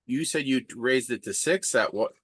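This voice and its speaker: A man's voice: mid-range voice, normal speed. A man hosting a casual cooking chat, checking in with short questions. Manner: brief questions and check-ins. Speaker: host.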